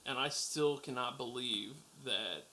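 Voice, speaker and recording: A man's voice: medium pitch, unhurried, bright, forceful tone. A man co-hosting a podcast, telling loose anecdotes in casual chat and laughing often. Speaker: podcast co-host.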